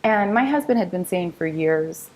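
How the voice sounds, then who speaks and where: A woman's voice: lowish voice, moderate pace, poor audio. A woman, a real estate agent in her thirties, telling her career story as an interview guest in an upbeat, storytelling way and acting out what others said. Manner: upbeat, storytelling, quotes others in lively voices. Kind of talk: interview conversation.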